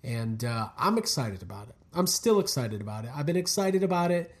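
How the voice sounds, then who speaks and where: A man hosting a podcast in casual, animated banter, joking and swearing freely. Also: medium pitch, fairly quick. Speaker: podcast host.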